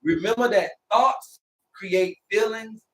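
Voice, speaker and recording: A man with a high voice lectures his live-stream audience, preachy and repetitive, slowing right down to hammer his points home. He sits a little back from the mic, and faint noise hums underneath. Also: far from the mic, rough recording. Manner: preachy and repetitive, drawing out words slowly for emphasis. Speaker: herbalist host of a live stream.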